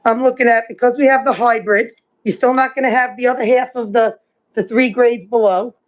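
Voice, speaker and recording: A woman's voice: a little high, steady tone, brisk, poor audio. A woman board member pressing questions in a meeting discussion, cutting in to get answers.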